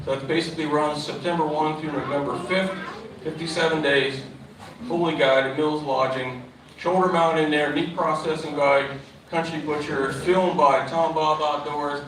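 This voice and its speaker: Salesy male emcee at a live draw, slightly high voice, distant and echoey. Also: steady tone, normal speed. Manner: salesy, rattles off prize details. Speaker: event emcee. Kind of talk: live promotional announcing. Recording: echoey, distant mic, background noise.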